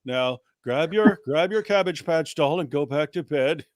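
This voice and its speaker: A man voicing a creepy grown man who makes excuses to a child in a slow, fake-innocent tone. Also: a little high, expressive, no room sound, studio quality. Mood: mock-innocent.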